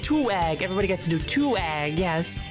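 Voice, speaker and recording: A woman with a low voice chats casually on a live stream, rambling and giggling as she goes, with plenty of ums and uhs. Music plays clearly behind her. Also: very animated, fairly quick. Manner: rambling and giggly, many fillers. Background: background music.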